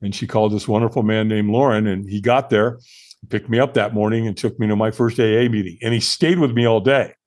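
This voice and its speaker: A man in his sixties from the United States, a podcast guest telling his own story in an earnest, animated way with frequent fillers and restarts. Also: on the low side, a little fast. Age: 60s. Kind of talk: conversational storytelling interview.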